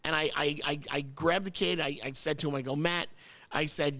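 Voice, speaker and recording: A man with a notably high voice tells a story over a casual chat, rambling and repeating words as he goes. He is from New Jersey and hosts the show, and he grows choked up as he talks. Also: fairly even intonation, fairly quick, pushed and bright. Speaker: host.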